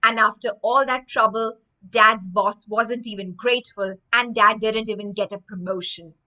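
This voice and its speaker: A woman's voice: on the high side, steady tone, normal speed, bright, forceful tone. Woman reading as a shamed young boy. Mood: storytelling. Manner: storybook first-person narration. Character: embarrassed boy telling his own story.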